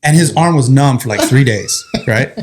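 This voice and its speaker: A firefighter telling a story as a guest in an interview, animated, laughing through the funny parts and swearing casually. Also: male voice, medium pitch, moderate pace.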